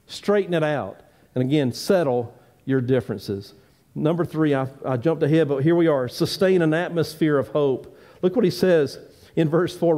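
Earnest male pastor preaching. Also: on the high side. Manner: earnest preaching with rising emphatic pleas and quieter asides. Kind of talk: sermon. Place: church sanctuary.

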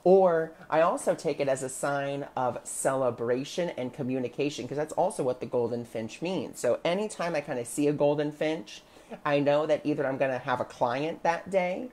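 A woman working as a spiritual guide, chatting on a livestream, greeting viewers by name and telling a personal story in an animated way. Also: deep voice, moderate pace. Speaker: spiritual guide who sees clients.

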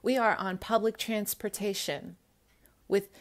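A woman's voice: mid-range voice, fairly even intonation, a little slow. Earnest woman vlogging to her viewers. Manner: earnest, emphatic, addresses viewers directly. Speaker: spiritual vlogger. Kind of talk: casual talk to camera.

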